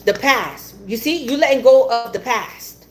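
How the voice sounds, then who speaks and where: Woman, tarot reader, slightly high voice, blunt, repetitive, swears. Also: expressive, measured pace, music in the background. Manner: blunt, swears, repeats herself, laughs often. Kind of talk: live tarot reading.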